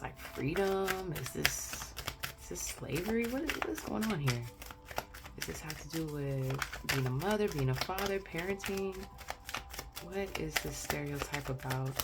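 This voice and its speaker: A woman's voice: sits low, very noisy. A woman giving a chatty pick-a-card tarot reading, exclaiming and talking straight to her viewers. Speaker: tarot reader.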